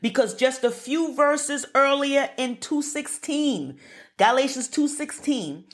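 Animated woman preaching a sermon. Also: high-pitched, slow. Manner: animated, laughing often, call-and-response.

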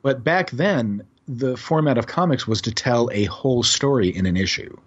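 A male podcast guest who tells stories about odd old comics in a lively way and chuckles as he goes. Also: mid-range voice, normal speed, husky, dull audio. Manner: animated storyteller, chuckles while describing odd comics. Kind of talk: casual podcast conversation.

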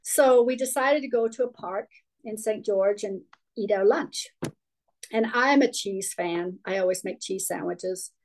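A woman's voice: mid-range voice, unhurried, slight background noise, rough recording. A middle-aged woman from Denmark, a guest telling her life story in an interview, candid and rambling with restarts. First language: Danish.

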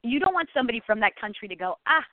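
A woman's voice: fairly high pitch, sing-song, very fast, no room sound. A chatty actress talks over a phone line that sounds thin and tinny, her voice dry with no room sound. She rambles with plenty of fillers and restarts. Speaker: actress, guest. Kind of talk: call-in interview chat.

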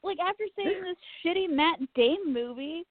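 A woman telling a story in casual chat, animated and self-mocking, swearing freely. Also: extremely high pitch, normal speed, no room sound. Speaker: podcast co-host. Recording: tinny phone-like line.

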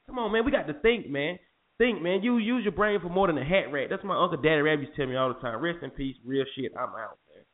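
A quick, high-voiced man with a drawl tells a story in lively, slangy talk. The sound is thin and tinny, like a phone line. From North Carolina. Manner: animated, slangy, jumps into impressions of police. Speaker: podcast host. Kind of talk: casual chat, storytelling.

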